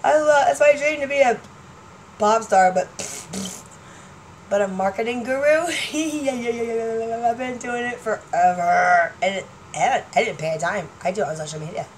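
A woman vlogger talking casually to camera, chatty and excitable, laughing often. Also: fairly high pitch, normal speed, slight background noise, poor audio. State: partially deaf.

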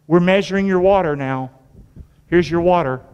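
The audio is dull, yet the man's high, slightly mellow voice comes through clean at a moderate pace as he preaches in a church with long hall reverb. This pastor quizzes his congregation call-and-response style, folksily repeating phrases with sudden rises and drops.

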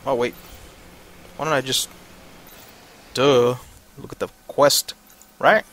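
A man's voice: mid-range voice, steady tone, slow pace, fairly bright tone. A man giving casual, frustrated commentary over his gameplay, swearing and thinking aloud. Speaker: let's play gamer.

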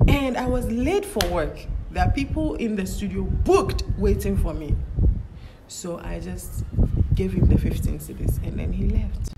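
A young woman tells a story in a casual vlog, animated and indignant, and she swears freely. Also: medium pitch, a little slow. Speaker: vlogger. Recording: clear background noise.

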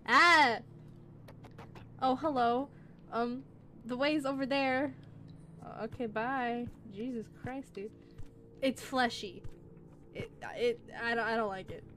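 Excitable young-sounding woman gaming. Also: a little high, slow, long pauses, a little hiss or hum. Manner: excitable, reactive, swears and laughs. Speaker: gaming channel host. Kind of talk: let's play commentary.

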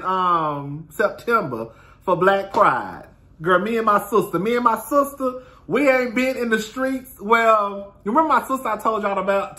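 A man in his thirties telling casual stories straight to his viewers in a sassy, expressive way, calling them "girl" and "honey" and swearing freely. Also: high-pitched. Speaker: host of his own talk stream.

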